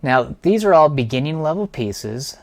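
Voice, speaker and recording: A man's voice: on the high side, animated, normal speed. A middle-aged man, a piano teacher, walks through a series of beginner pieces in an enthusiastic, explanatory way. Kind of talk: instructional walkthrough.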